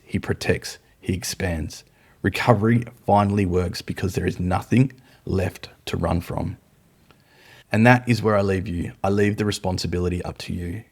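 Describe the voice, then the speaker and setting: A man's voice: on the low side, a little mellow. Firm-voiced man hosting a podcast. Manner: firm, declarative, short punchy statements. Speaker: podcast host. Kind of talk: motivational podcast monologue.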